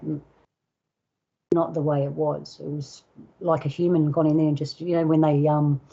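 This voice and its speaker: An older woman with an Australian accent, a guest elder telling a personal story in unhurried casual talk, acting out voices and sounds. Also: deep voice, flat delivery, dark tone, lo-fi sound. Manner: unhurried, acts out dialogue and sounds.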